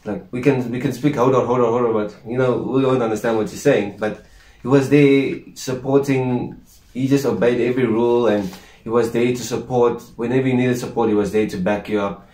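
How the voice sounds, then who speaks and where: Man, co-host, halting casual talk, echoey room. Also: mid-range voice, fairly even intonation, dark tone. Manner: hesitant, many restarts and fillers. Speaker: co-host, her brother. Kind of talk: casual chat.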